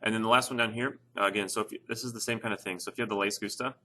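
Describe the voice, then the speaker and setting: A man's voice: on the low side, steady tone, rapid-fire, sharp tone. A man teaching a casual Spanish grammar lesson over an on-screen document, explaining step by step with frequent fillers. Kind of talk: screen-share lesson narration.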